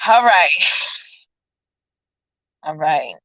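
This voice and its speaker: Chatty New York woman, bright voice. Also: drawn-out words, no room sound, dull audio. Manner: chatty, animated storytelling with sudden high exclamations. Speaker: vlogger and show host. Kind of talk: casual livestream chat. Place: outdoors on a city street.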